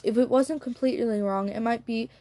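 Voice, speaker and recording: A woman voicing a calm, stubborn male police detective in an audiobook, speaking quietly and tersely. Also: a little high, fairly quick, close to an everyday voice. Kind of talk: audiobook character reading.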